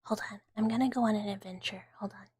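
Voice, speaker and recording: A woman chats with her stream in a very breathy, soft whisper, close to the mic in a dry space. Her talk drifts and rambles, full of little fillers. Her pitch sits in an ordinary middle range for a woman. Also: fairly even intonation, quick pace, no room sound. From Southern United States. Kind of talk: whispered ASMR live stream chat.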